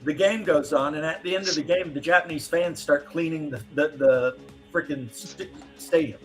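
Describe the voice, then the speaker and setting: A man's voice: on the high side, moderate pace, soft background music. A man chatting casually on a live stream, loose and profane, laughing while he tells stories. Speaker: stream host. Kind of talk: casual chat.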